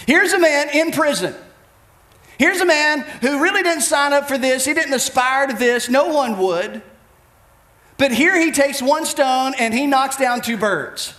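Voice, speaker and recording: A male preacher with a strikingly high voice that swoops through a wide range. He builds his points through emphatic repetition. The sound carries the echo of a roomy church sanctuary. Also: a bit bright. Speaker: pastor. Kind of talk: sermon.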